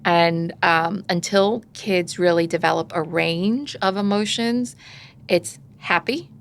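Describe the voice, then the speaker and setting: Gravelly-voiced woman giving parenting advice. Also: fairly low pitch, takes it slowly. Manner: conversational, acts out parent and child voices. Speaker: parenting podcast guest expert. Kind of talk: casual advice chat.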